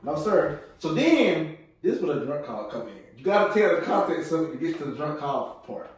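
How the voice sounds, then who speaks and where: A young man co-hosting a podcast tells stories in a casual chat, speaking a little fast in a voice on the high side. He's animated and acts out other people's voices. The room is echoey, with the mic at a distance.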